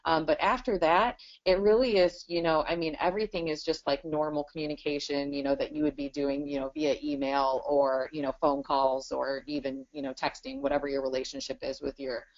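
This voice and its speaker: A woman's voice: sits low, fairly even intonation, fairly quick, hardly any pauses. A woman in her thirties, a business owner talking casually in a webinar interview and filling her talk with "you know". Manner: chatty, many "you know" fillers. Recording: dull lo-fi webinar audio.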